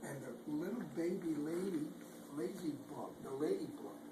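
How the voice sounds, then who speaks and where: A man reading a picture book aloud to children, animated, pointing out pictures and making sound effects. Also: fairly high pitch, normal speed. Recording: echoey room, far from mic, background noise.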